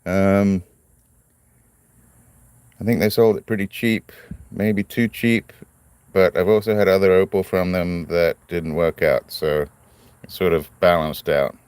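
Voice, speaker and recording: A man's voice: deep voice, steady tone, measured pace, long pauses, a little mellow, smooth, no echo. A man hosting a casual live stream, chatting in a rambling, friendly way and greeting viewers by name. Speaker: livestream host cutting stones.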